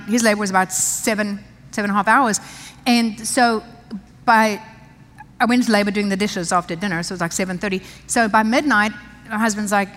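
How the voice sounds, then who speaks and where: A woman's voice: fairly high pitch, a bit bright. A woman pastor from South Africa, telling a personal story in a chatty sermon, laughing often and restarting her sentences. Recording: long reverb of a large hall.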